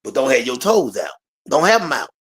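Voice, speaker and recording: A man in casual chat with a husky, slightly raspy voice at a middle pitch. He drawls emphatically and says his points over and over. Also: very animated, brisk. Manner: drawling, emphatic, repeats himself.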